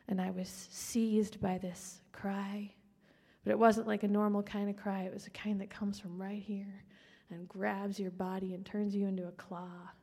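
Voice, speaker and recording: A woman gives a personal testimony in an earnest voice with a gravelly edge. She often drops into a hushed whisper. Her voice rings out with the long reverb of a large hall. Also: medium pitch. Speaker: speaker sharing her testimony.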